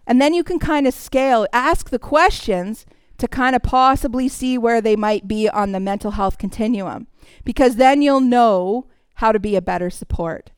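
A woman's voice: a little high, moderate pace, clear, resonant tone, no echo. A woman giving a sermon in a conversational teaching manner, now and then acting out what people say. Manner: warm, conversational teaching with acted quotes. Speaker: speaker in a church service.

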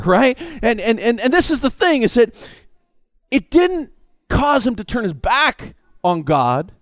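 A man preaching a sermon, telling it in an animated way and stammering over repeated words. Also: very high-pitched, unhurried, no room sound.

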